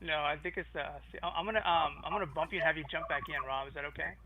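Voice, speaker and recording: Quick, gravelly man producer. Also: phone-quality sound, slight background noise. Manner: quick, low-key troubleshooting. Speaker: show producer.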